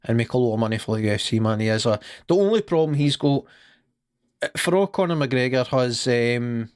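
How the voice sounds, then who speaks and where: A Scottish man with a voice of ordinary middle pitch, chatting on a podcast. He rambles through stories, swears freely and laughs at his own jokes. The sound is dry and close, with almost no room around it. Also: animated, a little fast, smooth, dry recording. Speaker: podcast co-host. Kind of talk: casual podcast chat.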